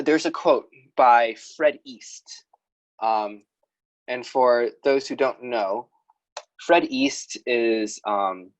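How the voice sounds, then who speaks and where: A podcast co-host with a mid-range voice chats casually about writing, rambling, restarting sentences and laughing at themself. The audio has its highs cut off.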